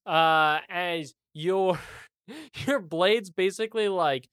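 Game master, unhurried narration, full of fillers and chuckles, dry and close mic. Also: mid-range voice, fairly bright tone, clean tone, dry recording.

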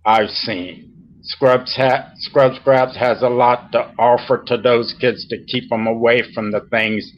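A middle-aged man speaks as a podcast guest, unhurried and earnest. He pauses and restarts as emotion creeps in. The audio is a touch muffled. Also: medium pitch, steady tone. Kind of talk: heartfelt interview talk.

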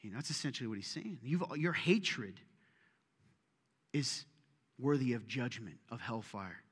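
A man preaching a sermon, animated and joking, with self-deprecating asides, in a church auditorium. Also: mid-range voice, unhurried, husky. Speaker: pastor. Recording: long reverb of a large hall.

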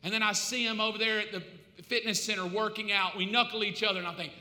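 Bright, high-voiced preacher in an echoey hall. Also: male voice, steady tone, fairly quick. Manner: dramatic, swings from loud preaching to hushed confessional asides. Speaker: pastor. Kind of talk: sermon.

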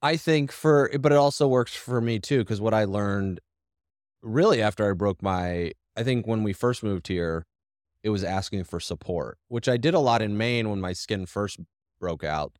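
A man's voice: fairly low pitch, moderate pace, darkish tone, no echo, clean studio sound. A man co-hosting a podcast, talking casually and directly, rambling with frequent restarts. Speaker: podcast co-host. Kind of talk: casual conversation.

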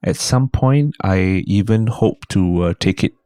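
A man's voice: on the low side, unhurried, clear, resonant tone, no room sound, clean studio sound. A man in his thirties with a Singaporean English accent, a guest comedian telling stories in a casual podcast chat. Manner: animated storyteller, slips into put-on voices.

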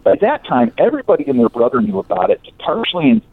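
Male storyteller, lively swooping delivery, slightly high voice, tinny phone-like dry sound. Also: fast talker, slightly rough, no echo. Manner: animated, acts out quoted voices. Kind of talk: casual storytelling of local history.

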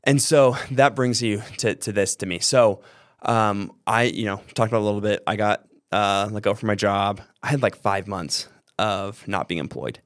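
A young man with a lowish voice talks through a story on his podcast, loose and rambling, full of "like" and "you know." The sound is dry and close, with no room around it. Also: moderate pace, no echo. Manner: rambling, filler-heavy, with many restarts and "like"s. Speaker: podcast host. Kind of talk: casual storytelling monologue.

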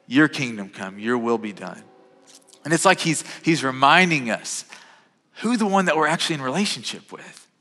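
A man's voice: medium pitch, animated, moderate pace, pushed and bright. A man in his thirties preaching a sermon in a conversational way, often restarting and repeating words. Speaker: pastor. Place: church sanctuary. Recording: reverberant hall.

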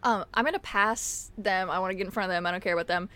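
A woman's voice: medium pitch, sharp tone, no echo. A woman playing a tabletop game, rambling in a casual, giggly way. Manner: giggly, rambling, quick laughs. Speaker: player.

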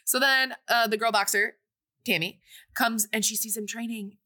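Bright chatty woman doing a movie recap, breezy and animated. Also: on the high side, moderate pace. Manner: animated, breezy retelling with acted-out quotes. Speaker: podcast co-host recapping a film. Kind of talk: casual recap chat.

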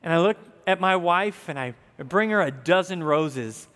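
A man's voice: on the high side, lively intonation, unhurried, fairly bright tone. A man in his thirties from the American South, preaching a sermon in an earnest, conversational way with asides to the congregation. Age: 30s. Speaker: pastor. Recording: long hall reverb.

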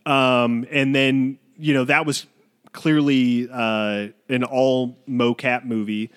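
A man's voice: mid-range voice, flat delivery, slow, a bit bright, clear, resonant tone. A young man co-hosting a podcast, talking casually about movies, rambling with lots of fillers and restarts. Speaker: podcast co-host. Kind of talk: casual film-podcast chat.

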